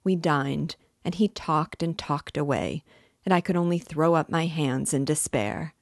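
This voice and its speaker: A talkative, ironical middle-aged magistrate, put on by a woman reading an audiobook, fussing and needling in turn. The voice sits low and the recording is close and dry. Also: measured pace, no room sound. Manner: chatty, mock-solicitous, needling.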